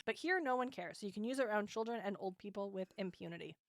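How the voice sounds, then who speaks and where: A woman's voice: mid-range voice, lively intonation, fast, no room sound, clean studio sound. A young woman co-hosting a podcast, chatting casually with fillers and frequent laughs while reading listener comments. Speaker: podcast co-host.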